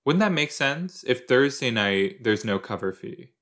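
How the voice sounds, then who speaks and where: Male podcast host, average pitch, loose and jokey, thinks aloud into a corded desk mic. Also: lively intonation, measured pace, fairly bright tone. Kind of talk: casual rewatch commentary. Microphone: desk microphone with a cord.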